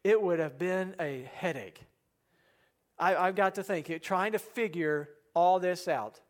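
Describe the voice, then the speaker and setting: A man preaching a sermon in an earnest way, asking the listeners questions and dropping soft and low for quoted prayers. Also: measured pace. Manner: asks the congregation rhetorical questions. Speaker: pastor.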